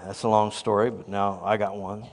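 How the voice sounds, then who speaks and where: A man who pastors a church, telling a story in a sermon with animated, self-deprecating humor. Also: fairly low pitch, moderate pace, long reverb tail.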